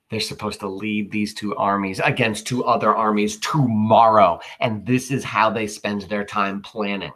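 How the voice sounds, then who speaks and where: A man's voice: lowish voice, a bit bright. Wry male teacher explaining a play. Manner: wry, casual asides.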